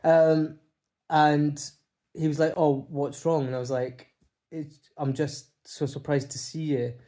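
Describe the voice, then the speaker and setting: A man talking to camera from home in a halting, heartfelt monologue. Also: fairly high pitch, steady tone, mellow. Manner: halting, heartfelt, many restarts and fillers. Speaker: vlogger. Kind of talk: casual emotional monologue. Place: home, by a window.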